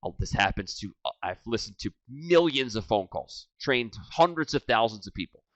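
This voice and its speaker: A man in his forties teaching sales, energetic and animated, swinging from loud and hyped to low and quiet. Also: normal speed, dry recording. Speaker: sales trainer. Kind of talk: energetic training talk. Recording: dry, slightly dull lo-fi sound.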